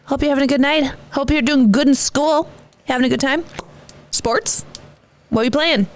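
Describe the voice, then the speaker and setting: A woman's voice: high-pitched, moderate pace, no room sound. A woman co-hosting a podcast in bubbly, casual chat with frequent exclamations. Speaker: podcast co-host.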